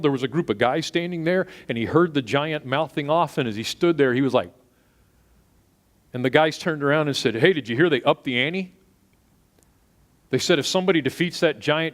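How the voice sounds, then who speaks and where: A middle-aged pastor from Texas preaching a sermon, swinging between loud punchy asides and quiet storytelling. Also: male voice, fairly high pitch.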